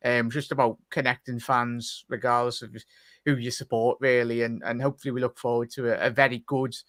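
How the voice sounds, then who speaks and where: A man's voice: mid-range voice, flat delivery, a little fast, fairly bright tone, dry recording. A man co-hosting a casual football chat, easygoing and saying mate a lot. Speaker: co-host.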